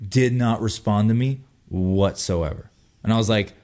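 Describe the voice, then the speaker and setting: Profane storytelling man, lowish voice. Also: a little slow, warm tone. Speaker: podcast host. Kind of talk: casual storytelling chat.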